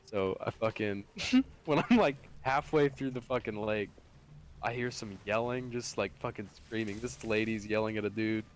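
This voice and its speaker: A man's voice: lowish voice, normal speed. Profane young man telling a story. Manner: profane, animated storyteller, laughs through lines. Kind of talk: casual storytelling chat.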